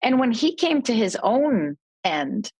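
A woman's voice: fairly high pitch, takes it slowly, breathy edge, dry recording. A middle-aged woman, a podcast guest, telling a personal story in casual conversation and acting out the voices of people in it. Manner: animated storyteller, voices quoted family members.

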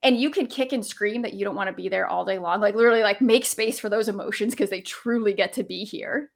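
A woman speaking as a coach in a casual interview, reflective and quick to laugh, with frequent fillers. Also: mid-range voice, creaky. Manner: warm, reflective, laughs easily, many fillers. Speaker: guest coach.

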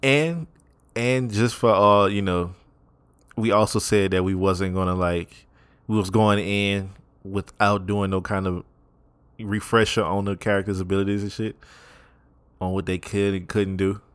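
Young male podcast co-host, very low voice, dry close mic, relaxed slangy delivery. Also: a little slow, smooth, no room sound. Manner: laid-back, slangy, laughs often. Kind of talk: casual podcast chat.

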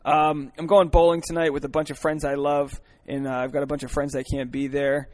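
A man's voice: a little high, little pitch movement, a little fast, a little mellow, no echo. A man in his thirties hosting a solo podcast in a crude, rambling, joking way, full of fillers and restarts, talking from inside a car. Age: 30s. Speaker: podcast host. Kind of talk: solo comedic podcast monologue.

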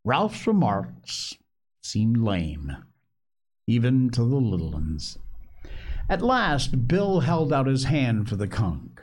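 A man narrating a novel aloud in a measured, dramatic way. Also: mid-range voice, wildly swooping pitch, darkish tone. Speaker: audiobook narrator. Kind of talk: expressive novel reading.

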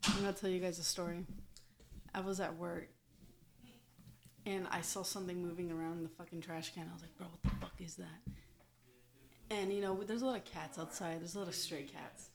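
A woman's voice: on the low side, steady tone, a little fast, slight background noise. A woman from California co-hosting a podcast in casual chat, loose and swearing constantly as she tells stories. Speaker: podcast co-host.

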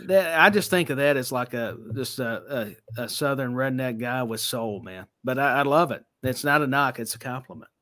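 A man's voice: medium pitch, moderate pace, hardly any pauses, bright, forceful tone. A man co-hosting a wrestling podcast in casual chat, rambling and restarting his sentences often. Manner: rambling with many restarts and stammers. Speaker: podcast co-host.

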